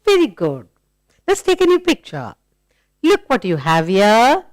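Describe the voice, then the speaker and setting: A woman teaching young children phonics in a slow, coaxing way, asking questions and praising answers. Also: on the high side, huge pitch swings, low-quality recording. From India.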